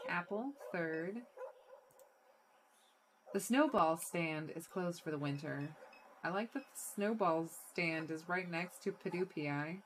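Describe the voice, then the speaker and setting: Low-voiced woman reading game text. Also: takes it slowly, a little hiss or hum. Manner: casual, wry, soft-spoken asides. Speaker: let's play streamer.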